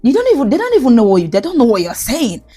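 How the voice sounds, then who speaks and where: A woman with a Nigerian accent, hosting a podcast and telling animated, laughing stories in a casual monologue. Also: on the high side, very fast, husky, faint music behind. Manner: animated, laughing, slips into pidgin. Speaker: podcast host.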